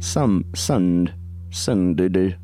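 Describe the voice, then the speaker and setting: A man's voice: deep voice, very slow, loud music behind the voice. A man hosting a casual comedic podcast on his own, goofy and rambling, swearing freely and slipping into silly voices. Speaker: podcast host.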